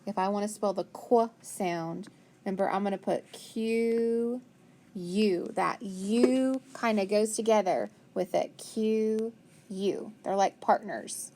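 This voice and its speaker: Her medium-pitched voice is warm and slow, with a little noise in the background. This teacher leads young children through a phonics lesson, asking and answering questions, offering praise, and patiently spelling each word letter by letter.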